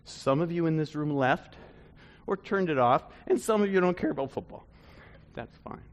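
Animated high-voiced male preacher. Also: moderate pace. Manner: conversational, animated, swings between loud and hushed. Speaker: pastor. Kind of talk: sermon.

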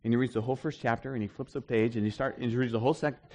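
A middle-aged pastor talks rapid-fire in a mid-range voice, preaching to a congregation in a church hall. His sermon is conversational teaching, punctuated by animated, emphatic stretches.

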